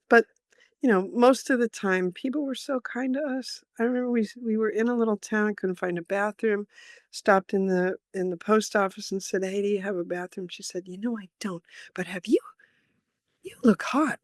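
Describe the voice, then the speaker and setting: Older woman, lively anecdotal storyteller. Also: medium pitch, dry recording, clean studio sound. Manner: lively storyteller who acts out quoted voices and laughs often. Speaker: storyteller guest. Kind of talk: casual interview chat, telling travel anecdotes.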